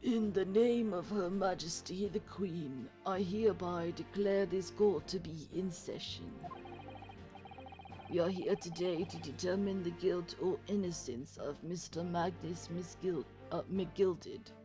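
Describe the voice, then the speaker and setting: A woman's voice: lowish voice, measured pace, lightly acted. A woman voicing a stately older male judge in a put-on British accent, speaking in a formal, ceremonious way over faint music.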